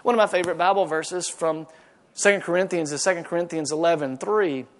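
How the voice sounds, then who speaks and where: Pastor, male, high-ish voice, lively folksy sermon delivery. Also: fairly quick. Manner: animated preaching, folksy asides, acts out quoted voices.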